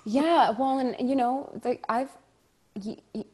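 A woman's voice: high-pitched, slow, breathy edge. A woman, a stage actor, telling a story in conversation, acting out quoted dialogue with frequent laughter. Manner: animated, acts out quoted dialogue, laughs often.

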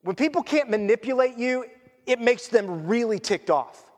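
Male pastor, bright high voice, earnest conversational sermon, long hall reverb. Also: expressive, moderate pace. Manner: earnest, conversational preaching with quoted asides.

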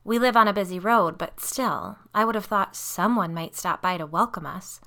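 A woman's voice: mid-range voice, moderate pace, sharp tone. A woman reading a horror story aloud, voicing a frightened mother who speaks in a heated, emphatic way that keeps rising. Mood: aggrieved. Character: frightened, indignant mother, worn down and angry.

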